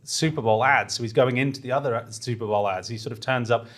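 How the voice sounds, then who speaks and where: A man's voice: mid-range voice, fast talker, a bit bright, a little hiss or hum. A man talking through ads in a casual panel chat, with lots of fillers and restarts. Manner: hesitant, many fillers and restarts. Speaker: podcast panelist.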